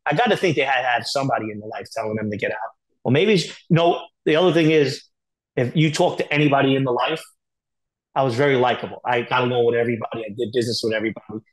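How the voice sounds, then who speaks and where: Poor audio carries a man's mid-range voice as he tells candid stories on a podcast. The interview has him talking quickly and bluntly, cursing and filling gaps with fillers.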